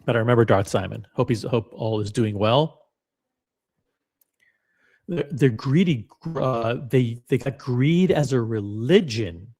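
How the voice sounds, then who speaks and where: A man hosting a live commentary show, talking at an ordinary mid-range pitch. His delivery is dry and sarcastic, full of wry asides as he greets viewers in the chat. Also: normal speed, few pauses, a little mellow. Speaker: livestream commentary host.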